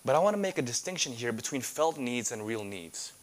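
A male pastor preaching a sermon in a mid-pitched voice. He talks earnestly and keeps asking rhetorical questions of his listeners. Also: big pitch swings, a little fast.

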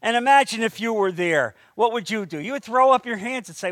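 A pastor preaches a sermon in a fairly high voice, lively and animated, his delivery rising into emphatic bursts before settling back down. He speaks at normal speed with few pauses. The sound is dry, with little room around it and no echo.

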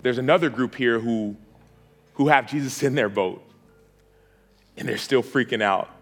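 A man of middle pitch leads an altar call from the front of a church auditorium. He builds his appeal through insistent, pleading repetition. Soft music plays faintly behind him. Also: moderate pace. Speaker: preacher.

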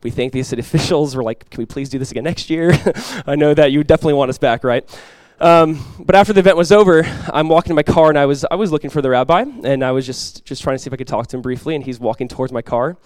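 A man's voice: a little high, fast talker, few pauses, no echo. Earnest, conversational male pastor preaching. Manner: conversational storytelling with light humor; soft, earnest praying. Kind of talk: sermon.

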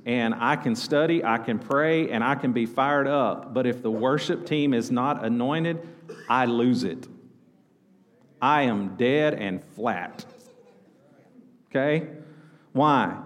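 A male pastor, preaching a sermon and calling on the congregation to answer back. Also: mid-range voice. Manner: preaching, calls out to congregation for responses. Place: church sanctuary. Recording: long hall reverb.

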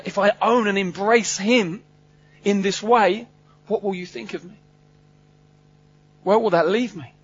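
A man's voice: sits high, husky. A man preaching a sermon in an earnest, emphatic way, often restarting and repeating phrases. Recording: slightly dull sound with faint hum.

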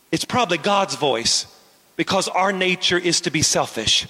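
A man's voice: sits high, lively intonation, normal speed, bright, forceful tone, long reverb tail. A man preaching a sermon as pastor, asking the congregation questions and waiting on their answers. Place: church.

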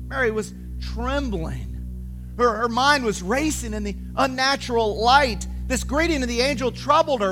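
A man narrating a storybook tale in a gentle, expressive way. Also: very high-pitched, moderate pace. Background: soft music with singing bowl.

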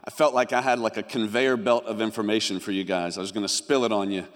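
A man's voice: fairly low pitch, steady tone, fast. A young man preaching a sermon, giving an earnest personal testimony that rises and falls in intensity. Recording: long hall reverb.

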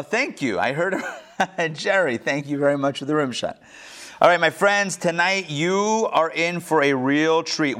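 Lively joking male class instructor. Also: on the high side. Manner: animated storyteller, joking and asking the class questions. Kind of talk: lecture with jokes to a live class.

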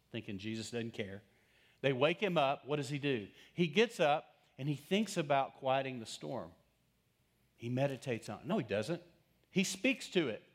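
A middle-aged man preaching a sermon as pastor, telling stories with dramatic swings between loud passages and hushed asides. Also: fairly high pitch. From Texas.

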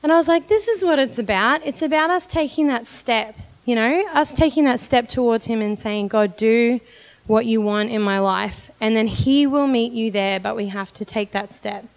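A woman's voice: fairly high pitch, normal speed. A young woman preaching a sermon in a church, earnest and personal, telling her own testimony with light laughs. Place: church hall. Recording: long hall reverb.

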